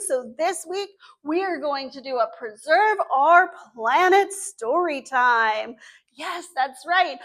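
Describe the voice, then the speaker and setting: A woman's voice: high voice, fairly bright tone. A woman with a Southern US accent leading a children's story time as librarian, with an encouraging sing-song teacher voice.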